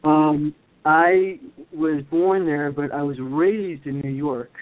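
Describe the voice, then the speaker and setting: A man's voice: fairly high pitch, takes it slowly. Playful man in his fifties on a phone line. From USA. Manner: playful, chatty, laughs easily. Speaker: co-host, actor. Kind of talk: casual chat.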